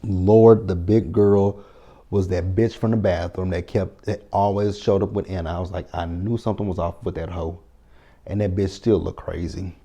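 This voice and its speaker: A man with a lowish, mellow voice runs through a TV episode recap in a loose, chatty way. He tells it with lots of profanity and acts out his own reactions to each scene. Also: normal speed. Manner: animated, profane storytelling with quoted reactions. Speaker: TV recap reviewer. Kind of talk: casual spoken recap.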